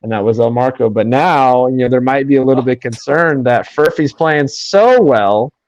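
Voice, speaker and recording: A man hosting a sports podcast, talking quickly in run-on sentences with many fillers. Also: medium pitch, a little mellow, dry recording, highs cut off. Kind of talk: casual sports podcast chat.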